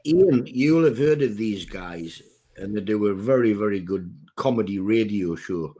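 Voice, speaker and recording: A man's voice: fairly low pitch, lively intonation, unhurried, mellow. A middle-aged man with a Geordie accent co-hosting a casual chat, rambling and joking at his own expense. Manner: rambling, jokey, self-deprecating. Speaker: podcast co-host.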